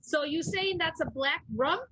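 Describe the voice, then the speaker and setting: Woman co-host, high-pitched and unhurried; giggly, casual, a bit profane. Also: fairly bright tone, slight background noise. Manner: giggly, laughs often, swears casually. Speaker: podcast co-host. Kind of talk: casual chat.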